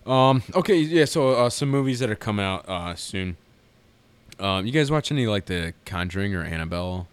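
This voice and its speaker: A man co-hosting a casual podcast, relaxed as he moves the talk along. His lowish voice moves around a lot in pitch. The sound is close and dry. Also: moderate pace, clean tone, no room sound. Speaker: podcast co-host. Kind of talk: casual chat.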